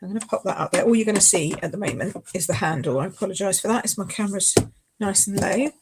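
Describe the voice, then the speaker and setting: A woman's voice: medium pitch, quick pace, background noise. A woman demonstrating card making in a live craft tutorial. She chats casually, often apologises and laughs along the way.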